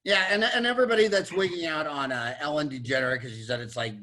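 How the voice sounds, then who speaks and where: Older guy hosting a chat, kinda high voice, acts out quotes, lots of restarts. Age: 60s. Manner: animated storyteller, quick restarts, acts out quotes. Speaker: podcast host, dentist. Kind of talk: casual chat, storytelling.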